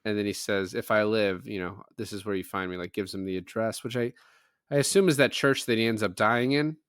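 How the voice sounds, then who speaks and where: A man with a low voice chats casually through a film recap. He tosses in quick voices for each character. The sound is dry and close-miked. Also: clear, resonant tone, no room sound. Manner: animated retelling, quoting characters in offhand voices. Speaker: podcast co-host. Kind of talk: casual chat.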